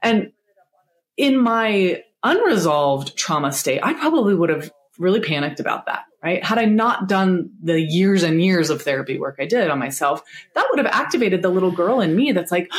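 A middle-aged woman talks in a relaxed podcast chat. She is animated and jumps up in pitch when she acts out what others said. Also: moderate pace. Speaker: guest therapist. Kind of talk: casual podcast conversation.

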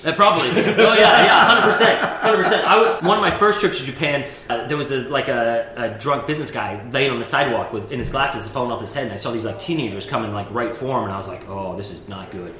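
A middle-aged man who runs a sake program and used to be a chef, telling animated stories in a casual interview, laughing often and restarting his sentences. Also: medium pitch, fast, hardly any pauses, crowd noise. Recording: roomy echo with faint ambience.

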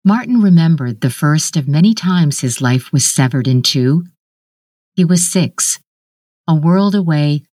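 A woman narrating a literary short story in a measured, even storytelling manner. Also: sits low, no echo, studio quality.

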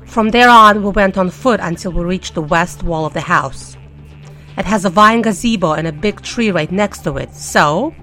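Woman reading a first-person story, playful and teasing, quiet music under her. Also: mid-range voice. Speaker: narrator.

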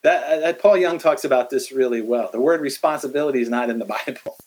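A middle-aged man in a casual faith conversation, animated, acting out quotes as he tells stories. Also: medium pitch, fast, low-quality recording.

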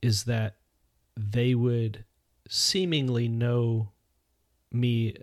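An earnest man co-hosts a casual faith talk, working through his thoughts aloud with many restarts. His voice sits at an ordinary middle pitch. The sound is dry and close. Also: steady tone, very slow, no room sound. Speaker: podcast co-host.

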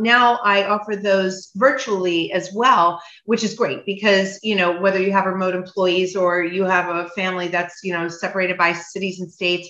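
A woman's voice: medium pitch, fairly bright tone. A woman talking casually as a podcast guest, chatty and full of fillers. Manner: chatty, many fillers and restarts. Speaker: guest, cooking event business owner. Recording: roomy, dull lo-fi sound.

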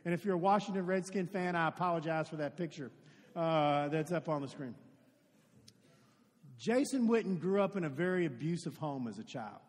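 High-voiced preacher man in a reverberant hall. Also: expressive, normal speed, a little mellow. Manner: earnest storytelling preacher who addresses the congregation directly. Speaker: pastor. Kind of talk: sermon. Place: church sanctuary with a congregation.

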